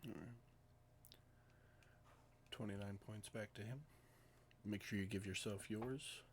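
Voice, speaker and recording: A man runs a tabletop game from his home streaming setup, describing hits and misses in a calm, matter-of-fact way. His voice sits fairly low. A faint hiss of background noise runs under it. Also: unhurried. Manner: calm, matter-of-fact narration of combat results. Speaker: game master.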